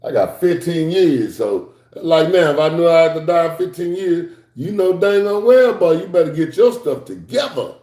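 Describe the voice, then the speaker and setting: A middle-aged man teaching scripture to a class as a sermon, moving between slow, low reading and high excited outbursts, with casual asides to his listeners. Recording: echoey room.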